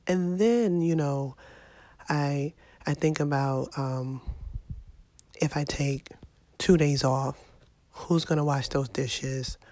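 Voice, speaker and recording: A woman's voice: deep voice, slow pace, long pauses, dark tone, no echo. A middle-aged woman with a sinus infection, venting to her viewers in a casual, exasperated vlog monologue. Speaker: vlogger.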